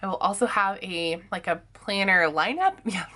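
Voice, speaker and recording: A young woman in casual chat mode, her voice raspy and still groggy from just waking up. She rambles chattily and laughs often as she talks to her viewers. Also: mid-range voice, lively intonation, normal speed, sharp tone. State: groggy morning voice. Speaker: planner vlogger.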